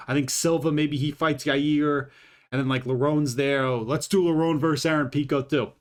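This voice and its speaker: A man's voice: on the high side, fairly even intonation, normal speed. Rambling, profane man commentating. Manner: profane and rambling, with many fillers. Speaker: YouTube fight commentator. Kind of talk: casual commentary.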